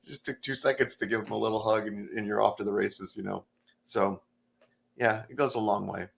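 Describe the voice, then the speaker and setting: Middle-aged man, gravelly, fairly low voice, relaxed storytelling, casual podcast chat. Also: a little fast. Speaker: stand-up comedian, guest.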